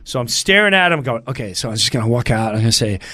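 Man, fifties, comedian storyteller, bright high voice, swings all over, does voices. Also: fast talker. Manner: animated, acts out voices, swears. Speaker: comedian guest. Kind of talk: storytelling chat.

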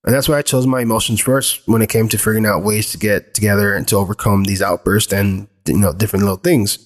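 A man's voice: on the low side, steady tone, fast talker. A man in his thirties, a father, talking earnestly and candidly about raising his kids in a loose, rambling way. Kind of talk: reflective personal talk.

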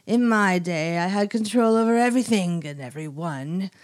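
A woman's voice: low voice, very animated, a little mellow, no room sound, voice pushed down, exaggerated voice. A woman doing a scheming old lady poisoner in a put-on British accent. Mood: proud. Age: older. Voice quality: put-on vague British soap-opera accent. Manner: slow, proud, theatrical delivery. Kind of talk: soap-opera style reading.

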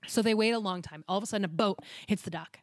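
On a casual podcast recapping a book, a woman retells a story fast, laughing a lot and swearing now and then. Her pitch is middling, and the recording is close and dry with no room sound.

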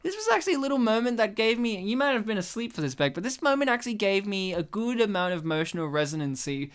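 A woman's voice: medium pitch, fast talker, clear, resonant tone. A woman, co-hosting a casual movie commentary and rambling through stories. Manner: rambling, animated storytelling, acts out quotes. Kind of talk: casual chat.

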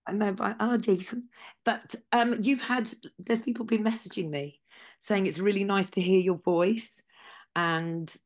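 A woman's voice: medium pitch, steady tone, unhurried. A woman with a Scouse accent hosting a casual news show, chatty with sarcastic asides.

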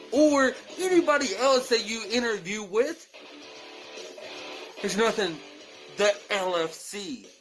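Boastful man over loud guitar music. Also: high voice, rough recording. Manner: boastful, slow and deliberate, menacing. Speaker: wrestling promo cutter. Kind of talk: scripted wrestling trash-talk promo. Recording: guitar music playing loudly behind.

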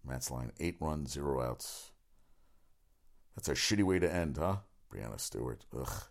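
A man hosting a casual solo sports talk show, rambling quickly from item to item with lots of fillers and swearing. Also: rumbling low, animated, gravelly. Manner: rapid, rambling, profane, with many fillers.

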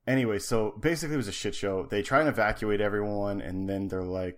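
A man with a lowish voice co-hosting a casual podcast. He drifts through a long story, stacking ums, restarts and asides as he goes. His talk is loose and conversational. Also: fairly quick. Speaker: podcast co-host. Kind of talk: casual chat.

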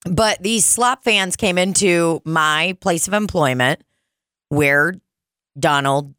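Profane animated woman telling stories. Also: fairly low pitch, slow, smooth, dry recording, studio quality. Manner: profane, animated storytelling with mocking put-on voices. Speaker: podcast co-host, bartender. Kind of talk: casual chat.

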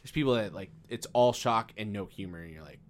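A man's voice: on the low side, animated, fairly quick, a little hiss or hum. Rambling thoughtful comedian man. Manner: thoughtful, rambling with restarts, "I was about to say". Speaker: comedian, podcast co-host. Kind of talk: casual podcast chat.

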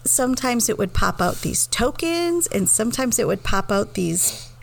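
A woman in her thirties, co-hosting a podcast, telling stories in an animated, chatty way. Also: a little high, normal speed, vocal fry, poor audio. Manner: animated storyteller, laughs while reading reviews aloud. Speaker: podcast co-host. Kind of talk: casual chat.

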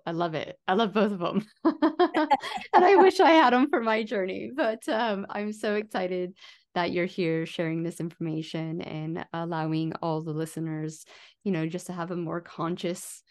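A woman's voice: on the low side, a little mellow. Upbeat woman podcast host. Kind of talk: podcast hosting.

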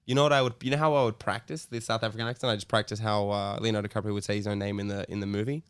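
A man's voice: on the low side, level tone, very fast, smooth, dry recording, studio quality. A man co-hosting a podcast, telling a story in a rambling, casual way full of likes and restarts. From Australia. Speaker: podcast co-host.

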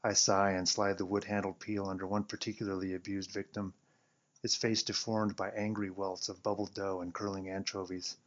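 A man's voice: low-pitched, little pitch movement, normal speed. A man reading a first-person story aloud in a wry, sardonic narrating manner, on a dull lo-fi recording.

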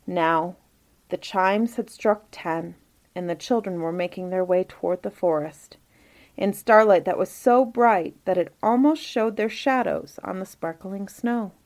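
A woman reading a Christmas storybook aloud in a gentle, measured narration. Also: mid-range voice.

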